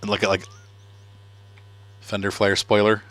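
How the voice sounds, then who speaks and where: A middle-aged man with a fairly low voice chats through a video game session with his son. He talks in a loose, relaxed way, thinking out loud and chuckling as he works. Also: a little slow, dry recording. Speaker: let's play host, father. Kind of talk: casual gameplay commentary.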